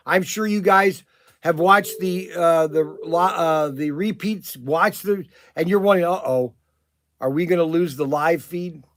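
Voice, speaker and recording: A man hosting a casual livestream, rambling and animated with many restarts and fillers, talking up his shop plans. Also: fairly high pitch, no echo. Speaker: livestream host and shop owner.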